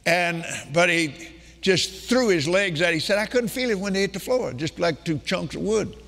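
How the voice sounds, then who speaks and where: An older man preaching to a crowd, retelling a story in quoted lines that climb into emphatic declarations. His voice sits high and rings bright. It carries the long reverb of a large meeting hall. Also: lively intonation, moderate pace. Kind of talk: sermon storytelling.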